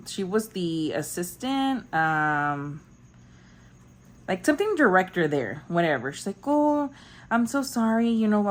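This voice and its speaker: A young woman telling a story in casual, rambling chat, full of fillers. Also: mid-range voice. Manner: chatty, rambling, lots of fillers. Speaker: budgeting vlogger.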